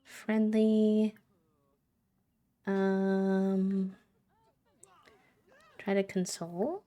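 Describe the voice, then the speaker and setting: A woman's voice: medium pitch, little pitch movement, drawn-out words, warm tone. A woman live-streaming a game, chatting casually, giggling and cooing fondly at the characters. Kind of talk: casual chat while playing a life-sim game.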